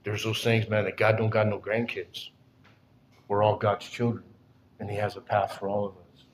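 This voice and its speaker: An older man giving a plainspoken, emotional personal testimony at a recovery support meeting, often halting and repeating himself. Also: on the low side, little pitch movement, a little hiss or hum.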